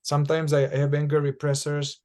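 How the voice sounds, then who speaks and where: Guy with a higher voice, first language romanian, animated, acts out little examples, lots of restarts. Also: fairly quick. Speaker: inquiry facilitator. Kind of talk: casual podcast teaching.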